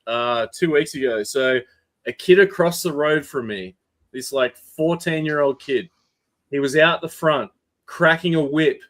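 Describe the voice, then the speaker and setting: An Australian man in casual podcast chat, swearing freely as he tells an animated story. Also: medium pitch.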